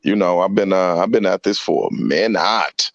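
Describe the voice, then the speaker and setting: A man's voice: low-pitched, moderate pace, creaky, dry recording, lo-fi sound. A man in his thirties from Virginia, a comedian guest chatting playfully on a radio show and dropping into voices. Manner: playful, slips into impressions and voices. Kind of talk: casual radio interview chat. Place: remote call into radio show.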